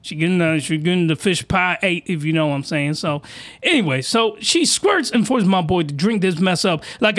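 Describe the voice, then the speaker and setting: High, lively man ranting crudely. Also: moderate pace. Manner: rowdy, slangy, exaggerated outbursts. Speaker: commentary host. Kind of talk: crude comedic reaction commentary.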